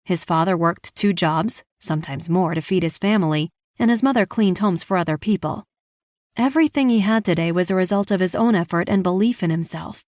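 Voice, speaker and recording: The narrator is a woman with a lower voice who reads at a brisk pace, recorded cleanly in a studio with no echo. The book is a first-person romance, told evenly and with engagement, and the dialogue is given a lively lift.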